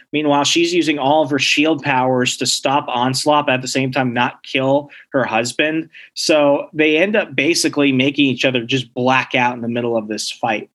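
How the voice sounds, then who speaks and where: A man co-hosting a podcast, casually recapping a comic book story with lively storytelling and quick bits of acting out the characters. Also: mid-range voice. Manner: animated storytelling, acts out characters' lines. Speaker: podcast co-host.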